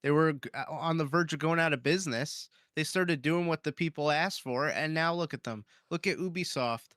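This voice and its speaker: A man's voice: on the high side, a bit bright, no room sound, clean studio sound. A man co-hosting a gaming podcast, chatting casually with a sarcastic, laughing manner. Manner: laughing, sarcastic, quick to agree. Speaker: podcast co-host.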